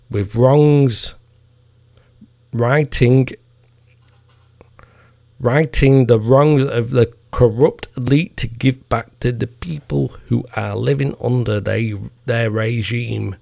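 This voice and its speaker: A man runs his own podcast and holds forth in a casual, foul-mouthed rant full of mockery. His voice is gravelly and sits at a middling pitch. The recording is dry and close, with no room sound. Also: darkish tone, no room sound. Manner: profane, heated ranting with mocking asides. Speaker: podcast host.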